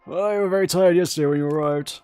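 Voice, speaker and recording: A man's voice: fairly high pitch, fast talker, a little mellow, clean tone, faint music behind, pitched above the performer's own voice, lightly acted. A man reading as a kindly game grandmother. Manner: reading game dialogue aloud, casual. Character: kindly grandmother, warm and teasing.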